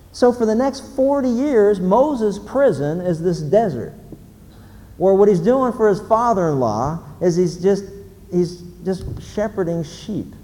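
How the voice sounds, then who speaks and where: Male pastor, emphatic sermon, fairly high voice, long reverb, faint background noise. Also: animated, measured pace, dark tone. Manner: storytelling, emphatic, asks the audience questions.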